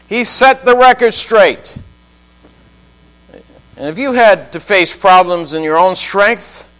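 High-voiced pastor preaching slow, lots of pauses and little laughs, church sermon. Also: male voice, fairly bright tone, low-quality recording. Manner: emphatic, dramatic pauses, chuckles often.

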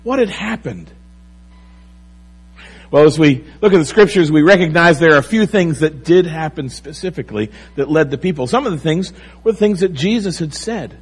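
A man preaching a sermon, with animated, rising and falling emphasis. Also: on the high side, normal speed, slightly rough, rough recording. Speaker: pastor.

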